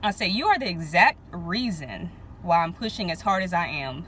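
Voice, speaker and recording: A woman with a Southern US accent talking casually to her followers in a vlog, speaking slowly and earnestly. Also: fairly low pitch, expressive, a bit bright, a little hiss or hum. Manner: slow and deliberate, earnest. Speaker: language-learning vlogger.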